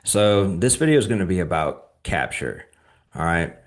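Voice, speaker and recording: Deep-voiced male host, relaxed advice talk, conversational and direct. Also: normal speed. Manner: conversational, often checks in with "all right?". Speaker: channel host and defense contracting advisor. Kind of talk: casual instructional talk to viewers.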